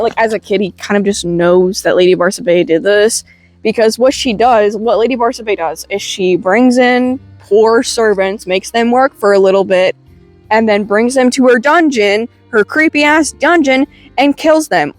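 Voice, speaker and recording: In a dry recording with faint music behind her, a young webcomic reviewer recaps a comic chattily, swearing casually and saying "like" constantly. Her voice is on the high side at a measured pace.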